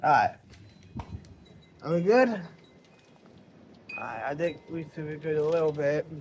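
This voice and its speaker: Slow, high-voiced earnest man. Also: expressive, slight background noise. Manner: halting, searching for words, earnest. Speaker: vlogger. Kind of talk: personal reflective vlog.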